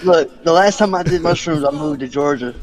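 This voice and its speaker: A man who is a guest musician, chatting casually, rambling, swearing often and trailing off into a quiet voice. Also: a little high, a little fast, over music. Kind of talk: casual chat.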